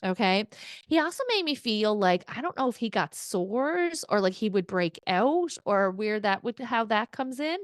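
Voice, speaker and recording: A woman medium gives a casual spirit reading at a moderate pace, with no echo on the recording. She's chatty, laughs often, swears now and then, and relays quotes in an excited, higher voice.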